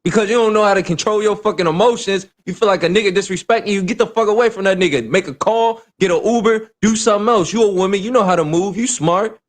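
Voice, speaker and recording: High-voiced man lecturing hard. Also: fast, few pauses. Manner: lecturing, forceful, profane. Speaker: livestream co-host. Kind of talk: casual livestream discussion.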